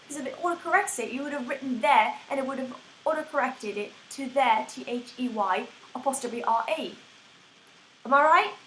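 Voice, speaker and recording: A woman's voice: high-pitched, a little fast, bright, forceful tone, a little hiss or hum. A young woman with a put-on American accent, ranting to camera in exasperated, swearing bursts. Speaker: vlogger. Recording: echoey room.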